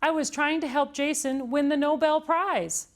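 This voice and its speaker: A woman's voice: sits high, fairly even intonation, moderate pace, pitched above the performer's own voice, natural voice. A woman voicing Amelia Bedelia, an earnest, chatty housekeeper from a storybook. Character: cheerful literal-minded housekeeper woman.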